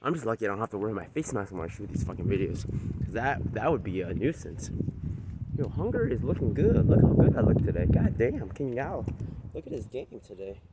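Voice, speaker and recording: A man's voice: lowish voice, sing-song, brisk, heavy background noise. A man vlogging while walking outdoors, talking into a phone on a selfie stick, brash, boastful and profane, and out of breath. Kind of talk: casual walking vlog. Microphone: phone camera on a selfie stick.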